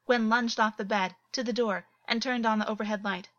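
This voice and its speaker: A woman narrating a story in a steady, earnest reading voice, on a dull, lo-fi recording. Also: a little high, a little fast, no echo. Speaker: audiobook narrator.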